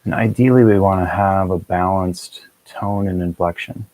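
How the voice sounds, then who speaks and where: A man with a very low voice leads a guided meditation, calm and measured. His delivery stays flat and even, with little rise or fall. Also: low-quality recording. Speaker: meditation teacher.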